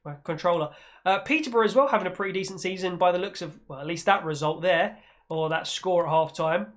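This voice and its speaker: A man, hosting a gaming channel and giving playful, excitable football commentary over his own gameplay. He breaks into mock-commentator shouts when the action peaks. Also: high voice, fast talker.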